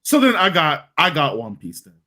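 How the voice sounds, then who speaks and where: A man in casual podcast chat who lays out his reasoning in long stretches. His voice sits a little high and moves a lot in pitch as he talks it through. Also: huge pitch swings, moderate pace, sharp tone. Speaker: podcast co-host.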